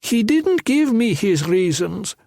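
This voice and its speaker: A male narrator puts on a shrill, reedy henchman voice for a smug, dim-witted gunman in a crime audiobook. The voice sits far above his own register and is read at a deliberate, unhurried clip over a dry, close recording. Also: very animated, no echo, full character voice. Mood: blunt. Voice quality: high, shrill. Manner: smug, blunt.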